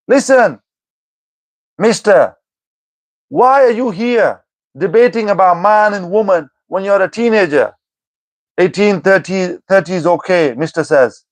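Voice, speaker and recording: A young man with a fairly high voice reads his live chat aloud and snaps back at the commenters. He sounds exasperated and scolding, and the sound is close and dry with no room around it. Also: no echo. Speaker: livestreamer answering chat. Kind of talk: live chat reading and replying.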